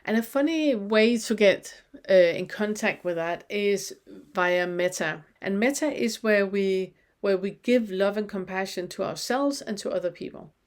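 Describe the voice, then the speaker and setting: A woman leads a spiritual lesson in a soft, unhurried way. She asks one reflective question after another, pausing to let each one land. Her voice sits in an ordinary middle pitch. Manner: slow, gentle questioning with pauses. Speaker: spiritual teacher. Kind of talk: guided spiritual teaching.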